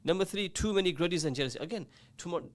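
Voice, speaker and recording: Guy on the radio rattling off advice, kinda high voice, really earnest and repeats himself. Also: expressive, very fast. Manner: earnest, emphatic, lists points and repeats them. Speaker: radio show host. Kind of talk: advice-giving radio chat.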